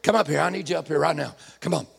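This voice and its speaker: A man's voice: fairly high pitch, very fast, vocal fry, husky. A man preaching a sermon, calling out to the congregation with rising fervor. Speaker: pastor.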